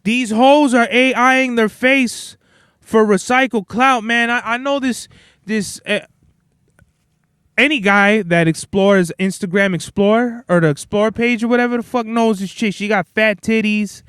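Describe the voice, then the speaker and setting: A young man hosting a podcast, telling stories in a blunt, profane, animated rant. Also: high-pitched, unhurried, smooth, no room sound, studio quality. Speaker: podcast host. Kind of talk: casual ranting monologue.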